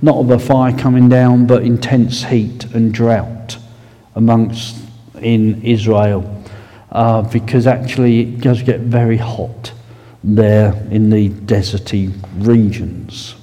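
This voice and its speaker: A man with an Essex accent preaching a sermon in a church hall, unhurried and conversational with asides. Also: fairly low pitch, level tone, dark tone. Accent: Essex English. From Essex, England. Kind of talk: sermon with prayer. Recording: long reverb in a large hall.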